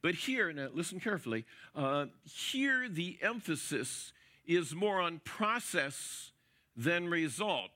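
A man's voice: fairly high pitch, very animated, slow, bright, forceful tone. A man preaching an expository sermon, emphatic and encouraging, repeating words for stress. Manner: encouraging, coach-like.

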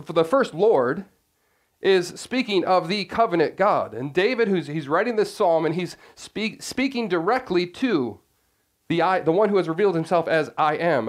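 Male pastor, fairly high voice, earnest sermon delivery, repeats and restarts words. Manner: earnest, repeats and restarts phrases, questions the congregation.

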